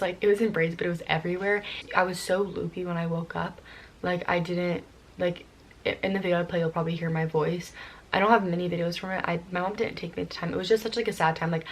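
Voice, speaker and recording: A young woman vlogger telling a personal story in casual chat, rushing along with lots of "like" and "um". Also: lowish voice, a little hiss or hum. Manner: rushed, filler-heavy with constant "like" and "um".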